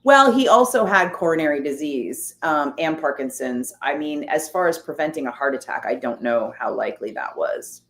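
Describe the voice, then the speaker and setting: A woman with a deep, low voice talks casually as she reads and answers her viewers' comments. She is wry and sarcastic. The sound is roomy and echoey. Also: expressive, normal speed, few pauses. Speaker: streamer reading chat. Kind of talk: casual chat. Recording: roomy echo.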